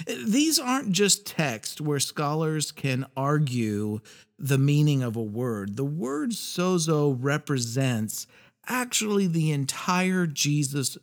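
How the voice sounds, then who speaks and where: Earnest podcast host with gravelly voice. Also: male voice, on the high side. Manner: earnest, reading scripture passages aloud with pauses. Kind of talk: reflective faith podcast talk.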